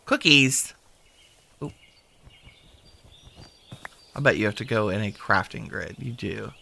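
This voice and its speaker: A man's voice: lowish voice, measured pace, vocal fry, bright, forceful tone, breathy edge. A man giving casual gameplay commentary as a video host, chatting and thinking aloud to himself while he sorts things.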